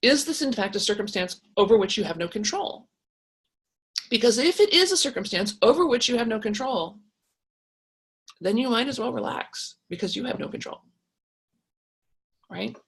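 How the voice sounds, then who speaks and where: A woman hosting a casual advice talk, reading viewer comments and answering them in an animated, frank way with many restarts. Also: a little high, normal speed, pauses often, husky.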